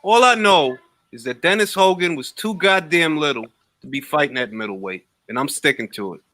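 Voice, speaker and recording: A man co-hosting a boxing talk show in casual, heated chat, excitable and swearing, often repeating himself and laughing. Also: on the high side, normal speed, dry recording. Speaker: boxing podcast co-host.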